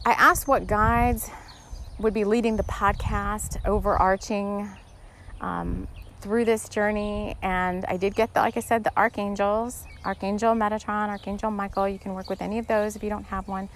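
A woman's voice: medium pitch, fairly even intonation, normal speed, a bit bright, a little hiss or hum. A woman hosting a spiritual podcast, talking casually and earnestly, rambling with many restarts and getting emotional. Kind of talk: casual spiritual guidance talk.

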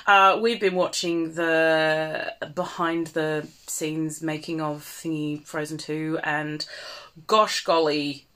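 A woman's voice: low-pitched, little pitch movement, slow pace, fairly bright tone, clean tone. An Australian woman, an operatic mezzo soprano, chatting playfully and self-mockingly between songs on a home livestream. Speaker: cabaret singer and livestream host.

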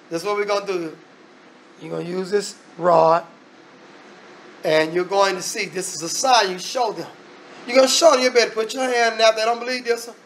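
A man preaching a sermon in an emphatic, repetitive way, reading scripture aloud and breaking off with asides. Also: high voice.

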